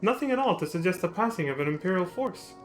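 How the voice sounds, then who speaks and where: A man's voice: high-pitched, expressive, faint music behind, poor audio. A man reading as a formal young scholar. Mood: analytical. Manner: measured, formal delivery.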